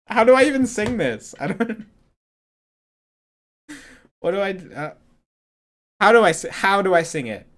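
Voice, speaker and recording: A woman's voice: medium pitch, very animated, a little slow, long pauses, a bit bright. A woman streaming a game playthrough, laughing and commenting on it. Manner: giggly, self-mocking.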